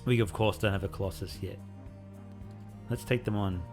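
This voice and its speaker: A man casually talking through a playthrough of the game he is developing, relaxed and rambling with lots of fillers. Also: lowish voice, normal speed, music in the background. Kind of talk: casual gameplay devlog commentary.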